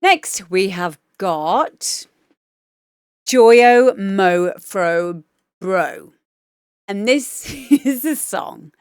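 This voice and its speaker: A woman's voice: mid-range voice, lively intonation, drawn-out words, pauses often, clear, resonant tone, dry recording, clean studio sound. A woman DJ chatting casually and enthusiastically on a livestream as she reviews listeners' demo tracks, swearing now and then. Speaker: DJ giving feedback on listener demos.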